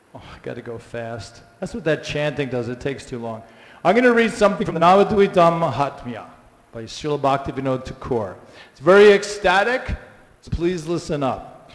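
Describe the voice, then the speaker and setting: Animated man in a reverberant hall. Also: on the high side. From United States. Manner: animated storyteller, exclamatory asides to the audience. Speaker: class speaker. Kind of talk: lively scripture class talk. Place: temple hall with a live audience.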